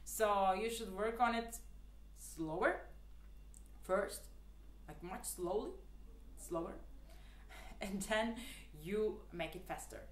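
Speaking slowly with a medium-pitched voice, a woman walks through a casual clarinet lesson in an echoey room. Her earnest tips come up repeatedly, and her chatty delivery is packed with fillers.

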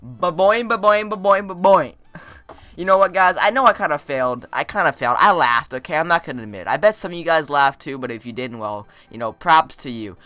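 Teen dude reacting to clips, laughs a lot, bright lively voice, faint music behind. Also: male voice, a little high, quick pace. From United States. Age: teens. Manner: excitable, laughs often, cheers on clips. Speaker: YouTuber. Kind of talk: casual reaction commentary.

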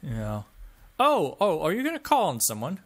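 This man's pitch swings hugely, sitting somewhat high for a male voice, while he keeps a moderate pace. He comments on his own gameplay in a laid-back let's-play style, reacting in the moment, cracking sarcastic jokes, laughing often, and swearing mildly.

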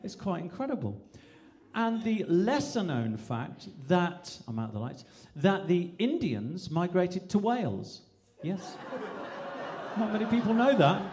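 A man from England doing stand-up on a live stage, animated and slipping in and out of mimicked accents. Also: high-pitched, unhurried, slight background noise. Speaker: stand-up comedian. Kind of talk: stand-up comedy routine.

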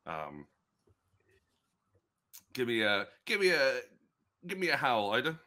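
Lively, bright-voiced male game master. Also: medium pitch, slow. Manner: rambling, chatty, many restarts and fillers. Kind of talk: narrating a tabletop game.

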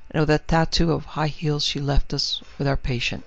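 A man reading a horror story in a steady, vivid narrating voice. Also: fairly high pitch, normal speed, vocal fry, hardly any pauses, no echo. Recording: dry, slightly muffled recording.

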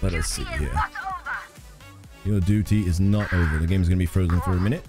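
A man's voice: low voice, a little fast. A man streaming a game live, chatting casually, cracking jokes, swearing and playing up a mock Australian twang. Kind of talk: casual live gaming commentary. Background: game music and gunfire.

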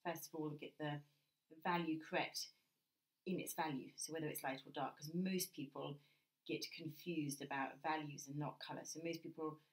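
A low-pitched woman with a British accent walks through a drawing lesson. She talks gently and thinks aloud as she works, her voice sitting deep for a woman. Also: steady tone, normal speed. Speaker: art teacher. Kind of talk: drawing lesson while working.

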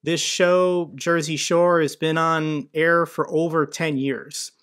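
Slow-talking sardonic male commentator. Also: a little high, fairly even intonation, a bit bright. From United States. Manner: sardonic, mocking asides. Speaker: commentary channel host. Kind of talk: online news commentary.

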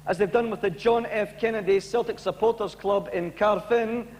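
A man's voice: high-pitched, fairly even intonation, moderate pace, darkish tone, slight background noise, lightly acted. A man voicing an earnest radio phone-in host who answers callers in a formal, dry way.

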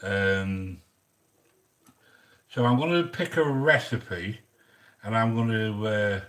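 A man's voice: on the low side, slow, fairly bright tone. A man chatting casually while hosting a cooking vlog, rambling and joking and greeting viewers by name. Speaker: cooking channel host.

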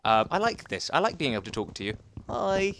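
A man's voice: on the high side, very animated, fairly quick, a bit bright, slight background noise. A young man giving chatty, rambling commentary while playing a survival game, talking to the viewers and to the animals. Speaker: gaming YouTuber.

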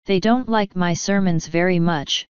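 A woman's voice: on the low side, measured pace, clean tone, dry recording, lo-fi sound, close to an everyday voice. A woman reading the part of an elderly, rheumatic country vicar who speaks pleasantly and a little sadly. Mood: rueful. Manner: pleasant, sad, apologetic. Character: elderly male vicar, gentle, rheumatic, mildly grumbling.

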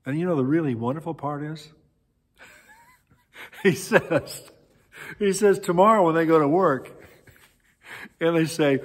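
A male pastor preaching a sermon in a church sanctuary, telling a story in an animated way with frequent pauses and fillers. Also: on the high side. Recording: echoey church hall.

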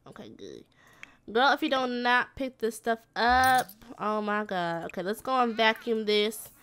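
A woman's voice: a little high, lively intonation, a little slow, a bit bright, clear, resonant tone. A woman giving casual, slangy gameplay commentary, talking to her game characters like a mom scolding and cooing at her kids. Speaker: gaming video creator.

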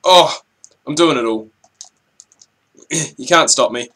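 A young man giving chatty, rambling commentary over his gameplay, with excitable outbursts at the action. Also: mid-range voice, unhurried, pauses often. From New Zealand. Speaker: gaming channel host.

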